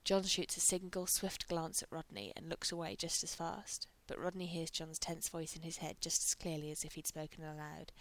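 Low-voiced woman reading a story. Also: fairly even intonation, moderate pace, few pauses, a bit bright. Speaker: narrator. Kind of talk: reading fan fiction aloud.

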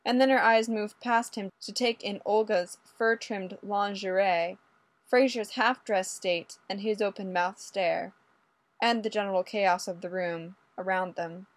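A woman's voice: mid-range voice, fairly even intonation, a little slow, no room sound. Woman narrating a story, dry close sound. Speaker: audiobook reader.

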